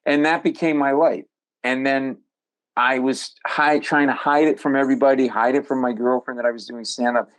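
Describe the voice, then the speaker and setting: A male comedian spins a story for a podcast host, animated and full of comic timing. His voice sits at a middle pitch. He talks conversationally and with punch. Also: normal speed, poor audio. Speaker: comedian guest.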